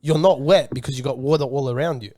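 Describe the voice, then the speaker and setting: A man's voice: medium pitch, quick pace, warm tone. A young man hosting a podcast, teasing and arguing playfully in casual chat. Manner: teasing, argumentative, laughing. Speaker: podcast host.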